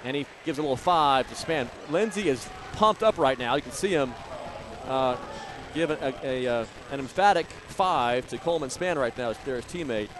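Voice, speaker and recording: A man doing live play-by-play of a high school basketball game, rattling off plays and scores with bursts of excitement on big shots. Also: normal speed, a crowd in the background, background noise. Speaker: play-by-play announcer.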